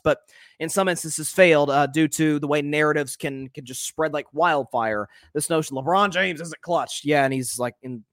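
Animated man in sports commentary. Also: on the high side, no room sound, studio quality. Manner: animated, with frequent repeated words and restarts. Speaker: podcast host. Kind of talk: solo sports commentary podcast.

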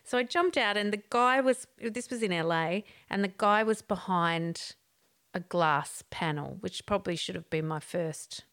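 A woman co-hosting a podcast, reacting warmly and then launching into her own travel story. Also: on the low side, moderate pace. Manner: responsive, chatty listener. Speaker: podcast co-host. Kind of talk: casual chat.

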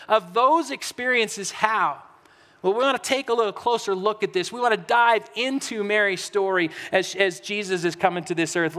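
A man's voice: sits high, a bit bright, big-room sound. A man preaching a conversational sermon as a pastor, repeating words and acting out everyday frustrations.

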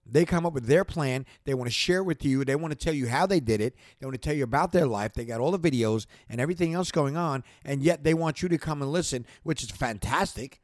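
A man's voice: fairly high pitch, fast talker, hardly any pauses, no room sound. A man in the middle of a fired-up podcast monologue, talking straight to his listeners. He repeats himself, stumbles over words, and keeps pushing the same point with rising energy. The sound is close and dry, with no room around it. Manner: passionate, repetitive, gets worked up then apologizes. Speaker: podcast host.

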